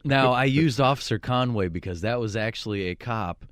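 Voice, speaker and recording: A man's voice: medium pitch, normal speed, no room sound, clean studio sound. A man from Virginia, co-hosting a radio show, telling a story in casual chat and acting out the people in it. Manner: animated, acts out the people in his stories.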